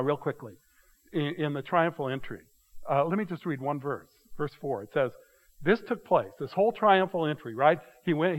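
Older guy pastor, casual sermon, asks the crowd stuff, slightly high voice. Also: rough recording. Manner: conversational preaching, asks the congregation questions.

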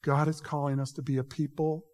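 A man's voice: fairly high pitch, little pitch movement, a little fast, darkish tone. A man preaching a sermon in an emphatic, conversational way, addressing the congregation directly. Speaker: pastor. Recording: reverberant hall.

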